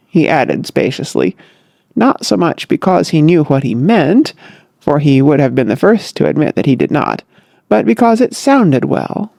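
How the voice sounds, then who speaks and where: An audiobook narrator reading a comic novel with a wry, lively delivery. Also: medium pitch, moderate pace, creaky, no room sound, studio quality. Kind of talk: scripted narration.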